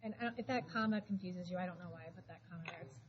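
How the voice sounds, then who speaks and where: A woman teaching math to a high school class, talking briskly and calling students back to attention. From Florida. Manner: brisk, shushing, calls for attention. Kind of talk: classroom lesson. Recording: dull classroom recording with noise.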